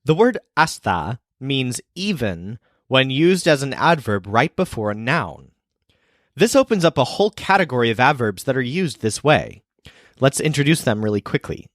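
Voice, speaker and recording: Lively man teaching, dry close sound. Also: mid-range voice, no room sound. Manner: explains clearly, slows down for example sentences. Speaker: language teacher. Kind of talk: scripted teaching narration.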